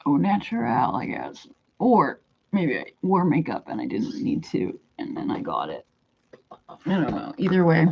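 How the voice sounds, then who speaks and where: A woman's voice: low voice, wildly swooping pitch, a little slow, creaky, slightly rough. Stoned woman vlogger, rambling casual talk, raised sing-song scolding for her pets, dull lo-fi audio.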